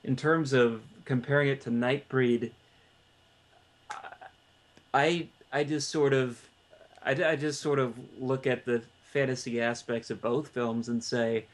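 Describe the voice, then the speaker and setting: A man's voice: medium pitch, unhurried. A man co-hosting a casual film podcast, stammering and restarting his phrases as he makes his point. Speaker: podcast co-host.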